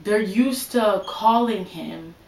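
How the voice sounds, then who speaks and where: A woman's voice: mid-range voice, takes it slowly, darkish tone, echoey room, rough recording. A young woman giving casual advice in a vlog, chatty and full of "like" and "you know". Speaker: vlogger.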